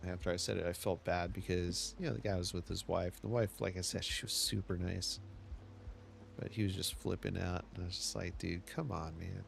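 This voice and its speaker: A man talks fairly quickly in a low, level, creaky voice while streaming a city-building game, casually chatting and rambling through a story he keeps restarting. Faint game music plays, and there's a little hiss or hum.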